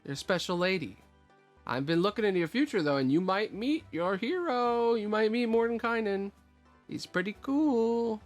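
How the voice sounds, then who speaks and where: A man's voice: high-pitched, lively intonation, moderate pace, soft background music, pitched above the performer's own voice. A man voicing a cryptic female fortune-teller who mocks and teases with impatient asides. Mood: teasing. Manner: mocking, teasing and impatient. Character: cryptic fortune-teller woman, smug and easily annoyed.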